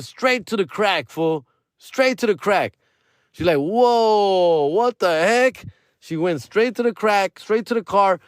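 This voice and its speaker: A man's voice: on the high side, no echo, clean studio sound. A young adult man, a comedian and podcast host, telling a comic story with lots of swearing and acting out both sides of the conversations. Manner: animated, profane, acts out both sides of conversations.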